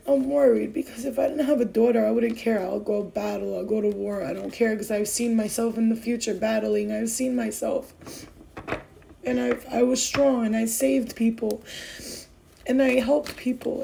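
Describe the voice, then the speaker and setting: Young woman vlogger, heartfelt and rambling, tearful edge, gravelly mellow voice, faint noise behind. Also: on the high side, poor audio. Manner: rambling, heartfelt, many fillers and restarts. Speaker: spiritual vlogger. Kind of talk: emotional casual talk to viewers.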